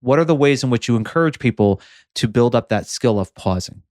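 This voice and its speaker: A man hosting an interview podcast, asking questions in a measured, affirming way. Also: medium pitch, animated, darkish tone, dry recording. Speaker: podcast host.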